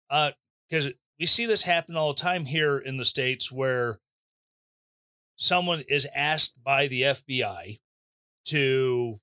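Interviewer guy, higher bright voice, dry close sound, chatty. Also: takes it slowly, clean tone, no room sound. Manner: conversational, follows up on the guest. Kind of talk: podcast interview questions.

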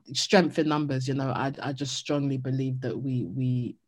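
A woman with a notably low voice speaks as an interview guest. She answers earnestly and keeps circling back on her words, repeating phrases while she finds the next thought. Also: fairly even intonation, moderate pace. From Jamaican heritage.

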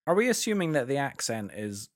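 A man's voice: mid-range voice, big pitch swings, fairly quick. A young man from England, chatting enthusiastically as a podcast co-host, often restarting his sentences. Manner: enthusiastic, chatty, self-interrupting. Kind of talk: casual chat about a musical.

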